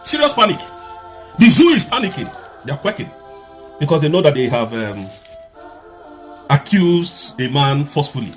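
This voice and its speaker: A man's voice: fairly high pitch, big pitch swings, brisk, pauses often, faint music behind. A man giving an impassioned political speech, driving his points home with repeated rhetorical questions. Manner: fiery, repetitive rhetorical questions. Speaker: activist speaker.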